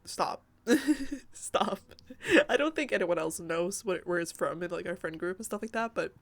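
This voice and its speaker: A woman's voice: fairly low pitch, expressive, normal speed, vocal fry. Giggly rambling young woman. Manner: giggly, rambling, many fillers. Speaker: Sims builder and YouTuber. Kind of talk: casual rambling voice-over. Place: home room by day.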